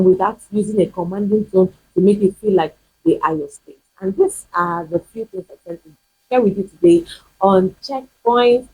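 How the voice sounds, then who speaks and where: A woman's voice: mid-range voice, dark tone, slightly rough, rough recording. A woman pastor, preaching emphatically in a teaching video, repeating her points and firing rhetorical questions. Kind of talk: sermon-style teaching video.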